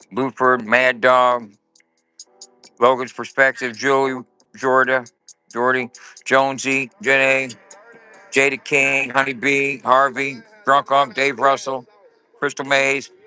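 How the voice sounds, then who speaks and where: A man hosting a live stream, counting off numbers and reading out names in a steady rhythm. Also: medium pitch, slow, pauses often, smooth, rough recording. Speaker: livestream host. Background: faint music.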